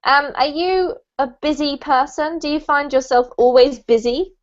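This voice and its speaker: A woman's voice: sits high, moderate pace. A woman teaching an online English class in a chatty, encouraging way, with frequent laughs. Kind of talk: casual teaching chat on a video call. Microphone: video call. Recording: muffled video-call audio.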